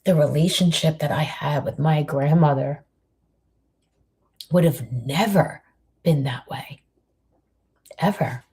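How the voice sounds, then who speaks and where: A woman, giving a reflective motivational talk in a soft, intimate voice that often drops near a whisper. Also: low voice, takes it slowly, long pauses, slightly rough. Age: 50s. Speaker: host giving a monthly inspirational message.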